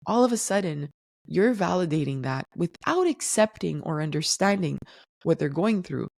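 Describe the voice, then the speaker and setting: A woman hosting a solo podcast, explaining things in a calm, teaching tone. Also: fairly low pitch, moderate pace, vocal fry, no room sound, studio quality. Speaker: podcast host.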